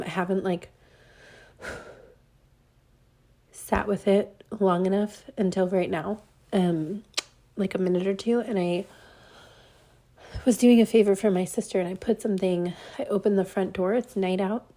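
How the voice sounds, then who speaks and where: A woman's voice: mid-range voice, dark tone, dry recording. A woman giving a casual spoken channeling message, rambling and dreamy with many fillers, a bit congested and stuffy. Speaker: spiritual channeler. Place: outdoors at dusk.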